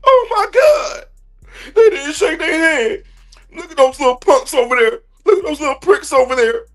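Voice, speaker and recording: A man putting on the voice of a whiny, outraged male online sports fan, shrill and scandalized. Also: lively intonation, moderate pace, fairly bright tone, soft background music.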